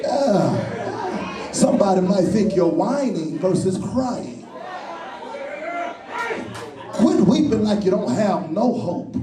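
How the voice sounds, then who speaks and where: A man preaching a sermon with call-and-response, shouting and then dropping low. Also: very animated, takes it slowly, long pauses, crowd noise. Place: church. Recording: echoey church from far off.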